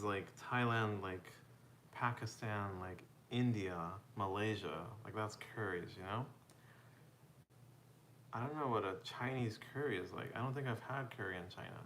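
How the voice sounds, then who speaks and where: A man from the United States chatting casually as a live streamer, reading out viewer comments and answering them in a relaxed way, often laughing and calling people "bro" and "man". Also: lowish voice, a little hiss or hum. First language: bilingual with Spanish, parents from Mexico. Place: home room.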